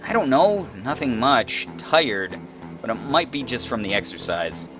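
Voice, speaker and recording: A man doing a hesitant, soft-spoken teenage boy. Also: mid-range voice, sing-song, measured pace, music in the background. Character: mild-mannered teenage boy with a weak heart.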